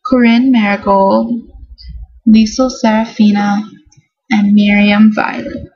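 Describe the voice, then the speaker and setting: A young woman talks casually and eagerly to her camera, her voice a little husky and breathy. The sound is dull and lo-fi, like a simple home webcam recording. She sits at a middling pitch for a woman. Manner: chatty, enthusiastic about baby names. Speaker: vlogger.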